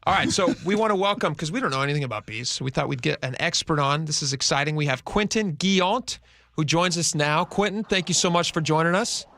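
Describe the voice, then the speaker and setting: Gravelly radio host guy, kinda high voice, jokey and chatty, dry studio sound. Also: quick pace, a bit bright, no echo. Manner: chatty, jokey, asks eager questions. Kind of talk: casual talk-radio banter.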